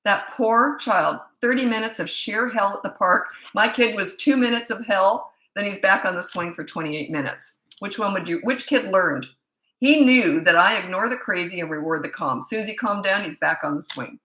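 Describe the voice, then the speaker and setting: A woman's voice: medium pitch, moderate pace, pushed and bright, reverberant. A woman parenting coach giving blunt, emphatic advice in a casual monologue, repeating her points for stress.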